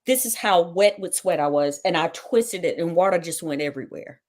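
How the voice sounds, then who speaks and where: A woman hosting a talk show recounts her own ordeal as a personal testimony, with a somewhat low voice. She tells it dramatically and acts out the lines people said to her. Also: animated, normal speed, darkish tone. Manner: dramatic retelling with quoted dialogue.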